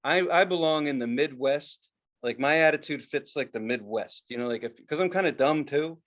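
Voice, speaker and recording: A man co-hosting a podcast, telling stories in casual comedic chat, profane and full of quick impressions of other people. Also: a little high, muffled recording. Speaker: podcast co-host.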